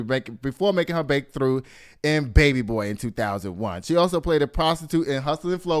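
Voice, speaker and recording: A man in his fifties hosting a gossip show in a casual, animated way, full of exclamations and asides to the audience. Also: fairly high pitch, clean tone. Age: 50s. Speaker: show host.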